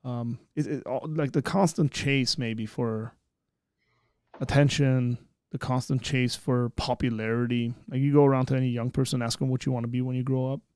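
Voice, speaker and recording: Man hosting a livestream, casual chat, halting and rambling, mid pitch, dry close sound. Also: steady tone, a little mellow, clear, resonant tone, dry recording. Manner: rambling, many fillers and restarts. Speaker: host.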